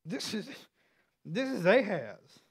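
A man with a high voice preaching an earnest sermon. He often repeats or restarts his words. His delivery builds in force as he reads passages of scripture. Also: sing-song, slow, gravelly, slightly rough. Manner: earnest, rises in force when reading scripture. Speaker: pastor.

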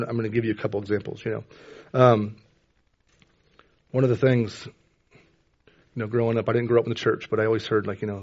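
A man with children of his own, preaching a sermon in a conversational way, often asking "right?" and rising in pitch and volume when quoting scripture. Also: a little mellow, slightly rough, dull audio. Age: adult with children. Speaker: pastor.

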